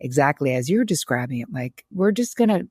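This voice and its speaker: A woman's voice: low voice, animated, a little fast, warm tone, breathy edge, no room sound. Dry-sounding woman hosting a podcast chat. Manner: reflective, chatty, many restarts and "like". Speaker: podcast host. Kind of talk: conversational interview.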